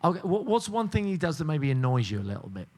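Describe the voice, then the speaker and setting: A man hosts a game show with a high, bouncing voice that swings widely. He keeps up jokey, teasing patter with the contestants. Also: sing-song, fast talker, a little mellow. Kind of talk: cruise ship game show hosting.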